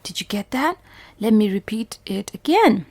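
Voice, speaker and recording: A woman's voice: mid-range voice, very animated, normal speed, a little mellow. A woman with a Bhutanese English accent, teaching a phonics lesson to young children, sounding out each letter and repeating every word patiently.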